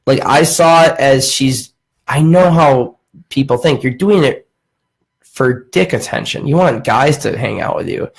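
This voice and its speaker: A man's voice: medium pitch, unhurried, vocal fry, husky, poor audio. A man hosting a casual podcast, telling a long story as a profane rant. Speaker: podcast host. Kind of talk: casual chat.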